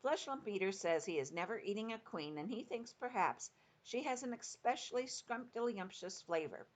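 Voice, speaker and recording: A woman's voice: mid-range voice, animated, moderate pace, pitched above the performer's own voice, close to an everyday voice. A woman voicing a kindly big friendly male giant who talks in mangled grammar with made-up words.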